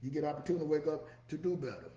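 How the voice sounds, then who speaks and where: Man, middle-aged, fast talker, echoey room, dull lo-fi sound. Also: fairly high pitch, sing-song, dark tone. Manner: folksy, repeats "you know what I'm saying". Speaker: podcast host. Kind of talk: casual monologue.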